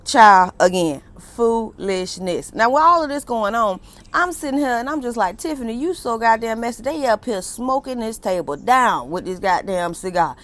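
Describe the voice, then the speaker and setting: A woman's voice: mid-range voice, expressive, moderate pace, fairly bright tone. A young woman, recapping a reality TV episode in a blunt, profane, sassy way and laughing often. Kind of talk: casual recap commentary.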